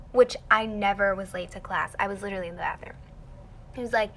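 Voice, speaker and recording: A young woman, a singer answering fans on a casual livestream, tells them a dramatic story, talking animatedly and saying "like" a lot. She talks fast at a medium pitch, with slight background noise.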